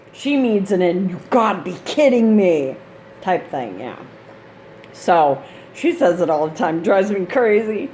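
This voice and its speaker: A woman's voice: medium pitch, darkish tone, a little hiss or hum. Chatty rambling woman gaming vlogger. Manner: chatty, meandering, laughs often. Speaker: gaming channel host. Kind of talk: casual rambling vlog chat.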